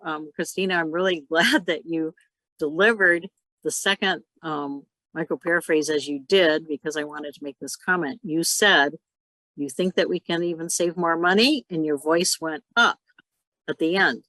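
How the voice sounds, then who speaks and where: A woman's voice: low-pitched, moderate pace, sharp tone, no room sound, poor audio. A woman teaching an online workshop on listening, explaining patiently with anecdotes. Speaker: workshop instructor. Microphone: video call.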